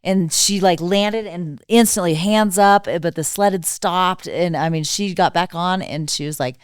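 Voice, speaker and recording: A woman with a low, smooth voice chats on a podcast about coaching riders. She rambles a little with fillers, relaxed and conversational. The sound is close and dry. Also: moderate pace, no room sound. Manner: relaxed storytelling with many fillers. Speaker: snowmobile riding instructor. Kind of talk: casual podcast chat.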